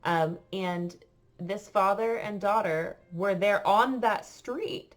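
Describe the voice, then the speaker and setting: An American woman, a French teacher, telling a story to her class in a chatty, halting way with many fillers. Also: mid-range voice. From United States.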